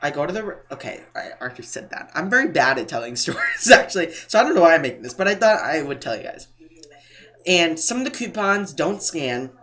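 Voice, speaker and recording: A man's voice: on the high side, very animated, brisk, sharp tone. A man from New England telling a casual storytime vlog, rambling and stopping to correct himself. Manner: rambling, self-interrupting, mimics other people. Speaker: couponing vlogger.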